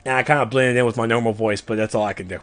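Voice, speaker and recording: A man's voice: medium pitch, steady tone, rapid-fire. A man hosting a podcast in casual chat, playful and laughing often. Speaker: podcast host.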